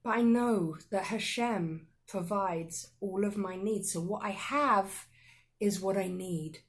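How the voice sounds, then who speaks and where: A woman telling a personal story as a talk, acting out the dialogue with lively shifts in voice. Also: medium pitch, slow. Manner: animated, acts out dialogue in different voices.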